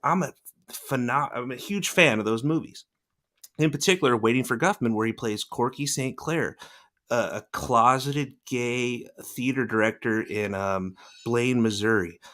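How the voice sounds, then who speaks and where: Male podcast host, casual rambling storyteller, middle pitch. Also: measured pace. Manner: rambling storyteller, lively quoted voices. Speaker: podcast host, former celebrity news producer. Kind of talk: casual chat.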